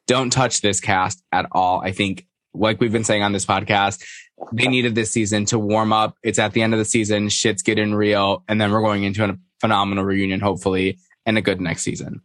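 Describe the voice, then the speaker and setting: A man's voice: brisk, dry recording. A man co-hosting a podcast, chatting casually and gossiping about a reality show, often mimicking people. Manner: gossipy, animated, mimics people in high voices. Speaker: podcast co-host.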